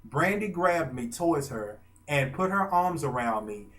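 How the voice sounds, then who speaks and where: A man, telling a story in a casual, gushing way with dramatic pauses. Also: on the high side, expressive, fairly bright tone. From Arkansas. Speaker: vlogger and fan.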